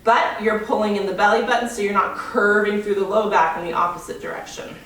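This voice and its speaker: A breathless yoga and fitness instructor talks through a guided workout, counting reps and cueing moves as she exercises. Her medium-pitched voice is fairly bright, fairly quick, and fairly even in intonation. The room is very echoey, and she sounds far from the mic.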